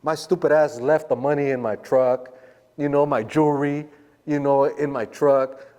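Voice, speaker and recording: A man's voice: fairly high pitch, fairly even intonation, moderate pace, warm tone, big-room sound. A man guest telling a long story in casual street slang, acting out the voices of the people he quotes. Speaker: podcast guest.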